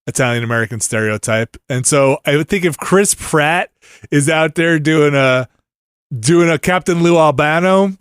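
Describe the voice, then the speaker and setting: A man co-hosting a podcast in casual chat, talking in animated, wandering runs and laughing often. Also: fairly high pitch, unhurried, clear, resonant tone, no echo, clean studio sound. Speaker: podcast co-host.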